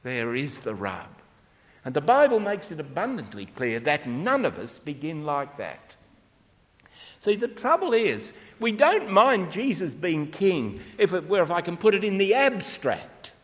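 A man's voice: high voice, sing-song, measured pace, a bit bright, big-room sound. A man preaching a sermon, asking the congregation rhetorical questions.

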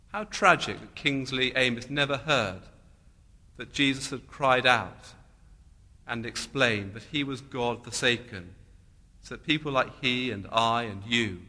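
A man preaching a sermon in a slow, deliberate way, repeating key phrases with emphasis. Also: mid-range voice, sharp tone. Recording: long hall reverb.

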